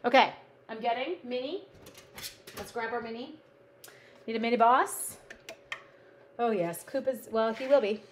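A woman's voice: on the high side, a little slow, long pauses, slight background noise. Bubbly, chatty woman crafting live. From Canada. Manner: bubbly, playful, chatty, talks to her supplies. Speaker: live-stream crafting host. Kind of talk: casual live-stream chat with viewers.

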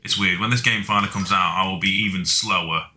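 A man with a low voice talks quickly and fairly evenly, his tone sharp, as he casually chats to himself while playing a video game, joking and swearing freely. He's a gaming video host doing let's play commentary.

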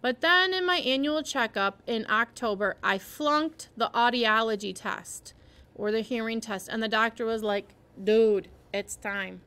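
A woman's voice: fairly high pitch, normal speed, sharp tone, clean tone. A woman teacher reading a novel aloud to her class and stopping to explain parts to the listeners.

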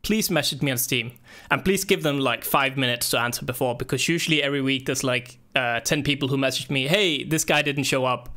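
A young man with a bright, forward voice runs a gaming tournament stream. He talks loosely and rambles, swearing often and leaning on fillers, at an ordinary middle pitch. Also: fast talker. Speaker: tournament organizer and stream host. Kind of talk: casual livestream chat.

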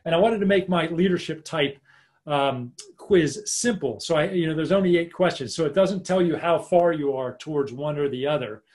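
A man coaching a live online leadership workshop over a video call, in a chatty, informal way, acting out quick example lines. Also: on the high side, a little mellow.

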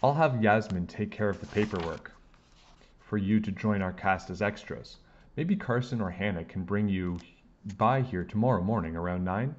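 A man's voice: fairly low pitch, animated, moderate pace, muffled recording. A man voicing a stern film director and father who gives demanding orders. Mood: apologetic. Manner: shouting, demanding.

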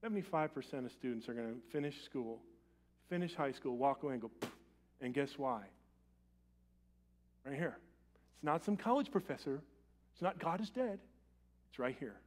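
A man preaching a sermon as pastor in a church, swinging from loud urgent appeals to quiet, intimate lines. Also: mid-range voice, lively intonation, moderate pace, long pauses. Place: church sanctuary.

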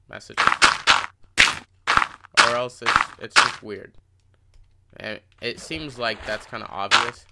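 A teenage boy talks off the cuff while he plays, poking fun at himself and stumbling over repeated words. His voice sits at an ordinary pitch for a young male. A loud steady hiss runs under the whole recording, along with mouse clicks. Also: a little slow. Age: teens. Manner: chatty, self-mocking, stumbles and repeats words. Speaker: gaming channel host. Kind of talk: rambling casual commentary over gameplay.

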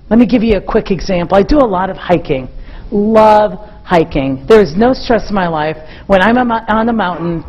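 A middle-aged woman giving a motivational keynote talk, telling stories to a live audience in an animated way. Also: medium pitch, poor audio. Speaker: keynote speaker.

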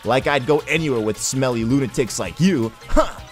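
A man voicing a feisty, defiant young princess in a game, in a shrill falsetto. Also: moderate pace, soft background music, close to an everyday voice.

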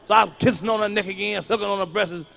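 High-voiced guy doing stand-up, cussing a lot, goes from mumbling to yelling. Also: fairly even intonation, very fast, vocal fry. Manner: loud, profane, punchy delivery that jumps between muttering and yelling. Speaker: stand-up comedian. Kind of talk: live stand-up storytelling.

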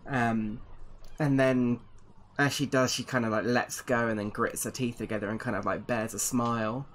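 Bright-voiced man describing his character. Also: mid-range voice, fairly even intonation, moderate pace, a little hiss or hum. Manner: rambling with many fillers. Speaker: player. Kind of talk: tabletop game play.

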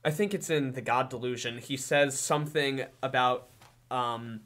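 A man hosting a podcast in casual chat, given to joking deadpan sarcasm. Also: mid-range voice, moderate pace. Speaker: podcast host.

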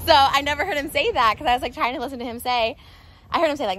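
A woman's voice: a little high, quick pace, a bit bright. An American woman hosting a vlog, chatting and giggling with lots of fillers while walking down a street. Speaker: vlog host. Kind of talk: casual chat while walking. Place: outdoors on a street.

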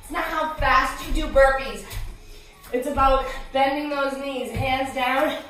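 A woman fitness instructor coaching a live workout, out of breath, cueing moves and counts with energetic encouragement. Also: high-pitched, unhurried, very echoey, far from the mic, soft background music, low-quality recording.

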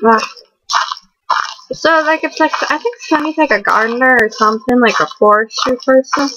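A teenage girl who hosts a gaming channel rambles and giggles through horror game commentary, packed with fillers and panicky outbursts. Her voice is on the high side, bright and forceful at a moderate pace, captured in a dull lo-fi recording with clear background noise.

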